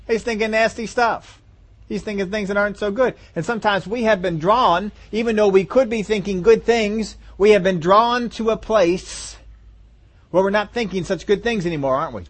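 A man's voice: sits high, moderate pace. Conversational man preaching a sermon. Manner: conversational, asks the listeners rhetorical questions. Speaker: pastor.

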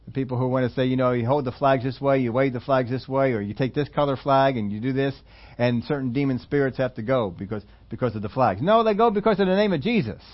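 A man preaching a sermon in a conversational storytelling way, laughing between points and rising into loud emphatic quotes. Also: mid-range voice, fast, few pauses, lo-fi sound. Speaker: pastor.

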